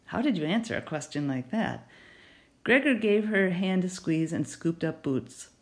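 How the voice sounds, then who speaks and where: A woman narrating a children's novel in an expressive storytelling manner. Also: fairly low pitch, normal speed. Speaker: audiobook narrator.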